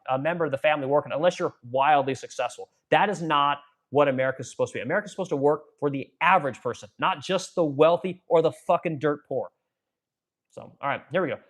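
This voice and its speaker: A man talks quickly on his live stream, his voice sitting a little high for a man. He rants bluntly and with plenty of swearing, drifting into rambling asides to his viewers between comments. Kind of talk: casual political rant on a live stream.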